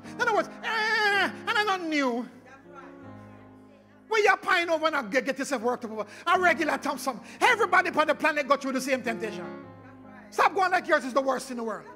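Jamaican pastor preaching loud and playful, high bright voice. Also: male voice, brisk, faint music behind. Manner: lively, playful, shouting. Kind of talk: sermon.

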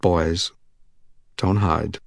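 A man voicing a soft-spoken, coaxing middle-aged stranger in a gentle, friendly manner. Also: sits low, fairly even intonation, drawn-out words, gravelly, no room sound, clean studio sound, pitched below the performer's own voice, full character voice.

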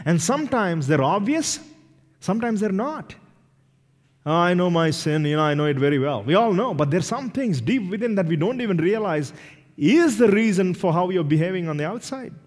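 A man from India, a pastor preaching a sermon, animated and acting out little dialogues with self-deprecating humor. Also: high voice. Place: church sanctuary. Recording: reverberant church hall.

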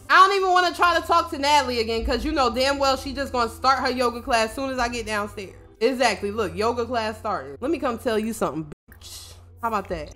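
A woman's voice: high-pitched, animated, brisk, bright, forceful tone. A woman streamer giving casual, profane let's-play commentary, often laughing and talking for her character in the first person. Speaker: gaming streamer.

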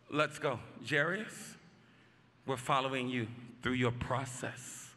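A male pastor preaching a sermon, urging the congregation to respond out loud and shouting his exhortations. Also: on the high side, measured pace, in a large hall, a little hiss or hum. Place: church sanctuary.

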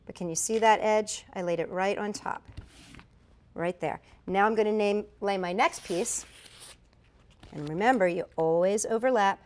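A woman's voice: medium pitch, moderate pace, a little mellow. A middle-aged woman giving a chatty step-by-step craft tutorial, correcting herself as she demonstrates. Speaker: craft instructor.

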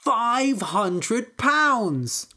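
A woman reading a storybook aloud, voicing a sly young male trickster with a smooth, scheming manner. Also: on the low side, big pitch swings, slow, exaggerated voice.

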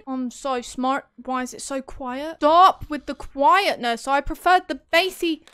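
A woman's voice: high-pitched, unhurried, few pauses, a bit bright, no echo, clean studio sound. A woman commentating her own horror game playthrough, talking to herself, swearing and screaming when startled. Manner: jumpy, talks to herself, swears and screams at scares. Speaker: gaming streamer.

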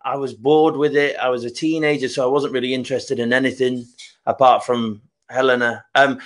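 A man hosting a casual chat, telling stories with frequent laughter and quick impressions of others. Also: mid-range voice, fairly even intonation. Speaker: host.

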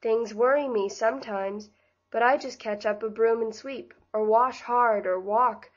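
A woman's voice: on the high side, unhurried, highs cut off, lightly acted. A woman reading as a cheerful, bustling young housekeeper.

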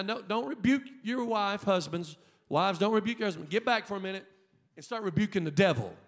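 A man preaching a sermon in a high, swooping voice that leaps up and down as he presses his points. He pulls the congregation into call-and-response and often breaks into shouts. His words ring out with a long reverb in the church hall. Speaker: pastor. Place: church sanctuary.

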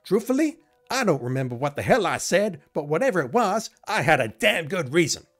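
Brash lady cop done by a guy, way higher than his own voice, snappy and loud, wobbly accent. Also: very animated, a little fast, soft background music. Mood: defiant. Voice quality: shaky put-on accent. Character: brash, defensive young woman police officer.

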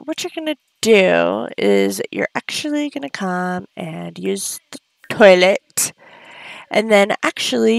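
Woman doing laid-back game commentary, slow and swoopy, dry close sound, coos at her little sims. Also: mid-range voice, vocal fry, no room sound. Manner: chatty, coos and squeals at game characters; gasps often. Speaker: let's play host. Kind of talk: casual gameplay commentary.

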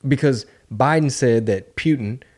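A man hosting a casual comedic podcast, riffing in an animated, mocking way with frequent profanity. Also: mid-range voice, a little slow. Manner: animated, mocking, mimics voices for jokes, profane. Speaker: podcast host. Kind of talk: casual comedic political chat.

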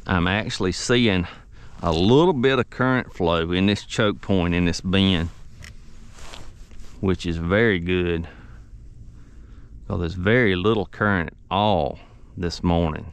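A man, a fishing charter captain talking through his catch on a boat outdoors, excitable and repeating himself. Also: sits low, a little slow, long pauses, clean tone. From Gulf Coast of the United States. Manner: excitable, drawling, repeats phrases. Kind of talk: fishing vlog commentary.

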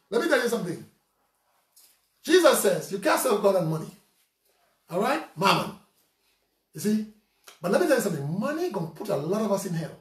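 Saint Lucian male preacher, animated conversational sermon, picked up from a distance in a roomy space. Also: high voice. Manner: lively, conversational preaching with rhetorical questions. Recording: roomy sound from off mic.

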